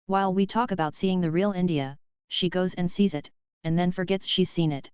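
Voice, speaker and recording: A woman's voice: lowish voice, fairly even intonation, a little fast, darkish tone, clear, resonant tone, no echo, natural voice. A woman reading the part of an earnest, persistent young Englishwoman in an audiobook. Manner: eager, persistent questioning.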